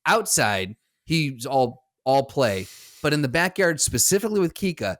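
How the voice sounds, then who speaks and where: Male co-host, mid-pitch, lively intonation, loose rambling chat. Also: moderate pace. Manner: rambling, restarts sentences, chuckles. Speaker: podcast co-host. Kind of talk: casual chat.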